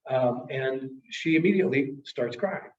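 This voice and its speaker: A man's voice: mid-range voice, measured pace. A man in his late fifties, a sales trainer telling an emotional story to a class in an earnest way. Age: 50s. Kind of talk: storytelling presentation. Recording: echoey, distant, dull room sound.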